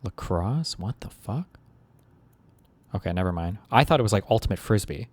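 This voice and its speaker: A man's voice: on the low side, lively intonation, moderate pace, no room sound. A man streamer giving rambling live reaction commentary with crude asides.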